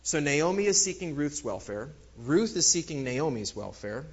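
A man giving a casual, lively Bible lecture, with many fillers, acting out the quoted lines. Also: a little high, normal speed, slightly rough, dull audio. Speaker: Bible teacher. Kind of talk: lecture on scripture.

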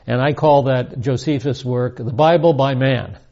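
A man's voice: mid-range voice, normal speed, gravelly, darkish tone, highs cut off. A man giving a verse-by-verse Bible teaching, emphatic and repeating key points with rising stress.

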